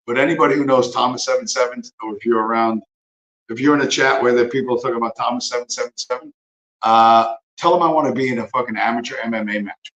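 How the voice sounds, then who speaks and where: A man hosts a livestream of casual rambling commentary, profane and sarcastic, speaking fast in a mid-range, slightly bright voice. The sound is reverberant with the highs cut off.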